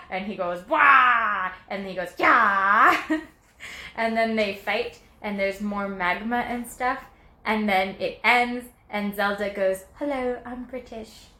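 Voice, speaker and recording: A young woman vlogging at home, chatting casually and telling goofy stories in a playful, animated way. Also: mid-range voice, unhurried. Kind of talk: casual chat, playful storytelling.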